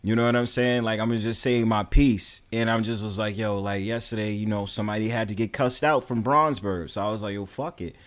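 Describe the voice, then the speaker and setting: A man's voice: on the low side, steady tone, fairly quick, hardly any pauses. Blunt, profane man streaming. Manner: blunt, profane, restless, full of slang and restarts. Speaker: streamer host. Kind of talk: casual livestream chat.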